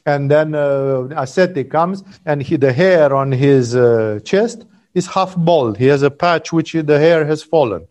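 A male spiritual teacher speaking to listeners at a satsang. His voice sits somewhat high for a man. He tells his story loosely, wandering off on tangents and tagging sentences with little checks like "no?". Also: a little slow, hardly any pauses, a little mellow. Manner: rambling, digressive storyteller with frequent "no?" and "you know".

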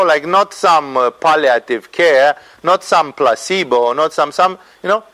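A man giving an informal spiritual lecture as a teacher, animated and conversational, tagging his points with "no?" and "you know". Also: fairly high pitch, low-quality recording. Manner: animated, acts out quoted voices, tags "no?" and "you know".

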